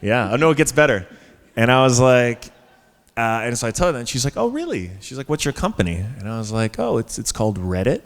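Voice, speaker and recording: A man's voice: mid-range voice, expressive, a little fast. A man telling a story on a conference stage in a casual, chatty way, full of fillers and restarts. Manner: chatty, lots of fillers and restarts, laughs at his own story. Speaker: panel guest. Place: conference stage before an audience. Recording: hall reverb from a live stage.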